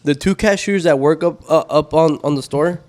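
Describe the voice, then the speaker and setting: Smooth-voiced laughing man. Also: on the high side, moderate pace, darkish tone. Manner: laughs often, jumps in to clarify stories. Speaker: podcast co-host. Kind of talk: casual chat.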